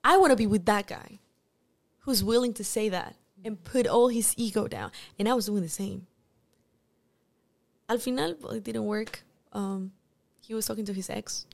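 A woman, an actress guest talking candidly on a podcast interview, animated and often restarting her sentences. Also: mid-range voice, moderate pace, vocal fry.

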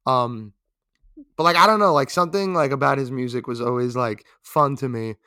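A man's voice: medium pitch, normal speed, pushed and bright, no echo, clean studio sound. A man co-hosting a podcast, talking casually and animatedly about music, filling his sentences with "like" and casual swearing. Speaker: podcast co-host. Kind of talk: casual music review chat.

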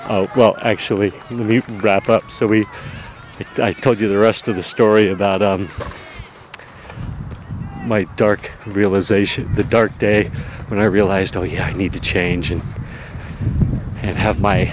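A man's voice: on the low side, fairly even intonation, a little slow, noisy background. A man hosting a podcast, talking casually and rambling about himself with many fillers and self-deprecating asides, outdoors in a town. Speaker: podcast host. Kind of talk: casual personal monologue.

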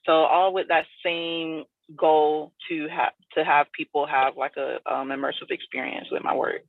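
A woman's voice: low voice, little pitch movement, normal speed, no room sound. A woman from South Florida, a guest artist in a casual interview, talking in a loose, rambling way full of fillers. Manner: loose and rambling, many "like" and "you know" fillers. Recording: dry, tinny phone-like line.

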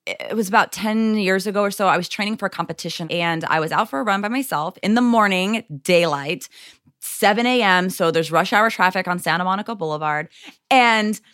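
A woman's voice: mid-range voice, brisk, clean tone, no echo, studio quality. A woman being interviewed as a self-defense expert, telling personal stories earnestly and acting out what people said. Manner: earnest, animated storyteller, acts out quoted lines.

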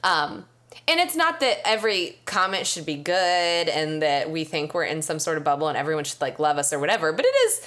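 Young woman podcast co-host; slightly nasal, lively pitch, chatty with frequent laughs. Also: brisk. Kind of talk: casual chat.

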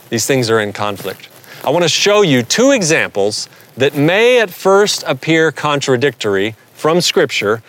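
Earnest Southern preacher, mid-pitched man. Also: a bit bright. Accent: American Southern. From United States. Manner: earnest, builds to emphatic rises. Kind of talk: sermon-style Bible teaching.

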